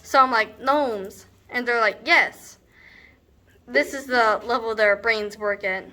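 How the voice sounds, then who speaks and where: A woman's voice: fairly high pitch, slow pace, bright, forceful tone. Young woman playing a scornful rambling teen girl. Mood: exasperated. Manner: sarcastic, rambling, full of "like". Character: brash teenage girl, scornful, rambling storyteller. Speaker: student actor. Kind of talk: comedic stage monologue.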